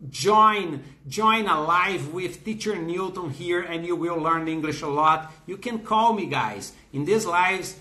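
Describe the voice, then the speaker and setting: Male English teacher, bright slightly high voice, encouraging and repetitive. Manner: encouraging, repeats phrases, greets viewers by name. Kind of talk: live online English class.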